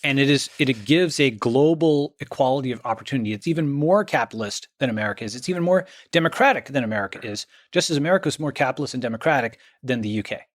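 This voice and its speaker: A man's voice: mid-range voice, animated, fast talker, few pauses, no echo. Emphatic man, dry close sound. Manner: emphatic, checks in with "okay?" and "right?". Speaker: guest. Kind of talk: conversational interview.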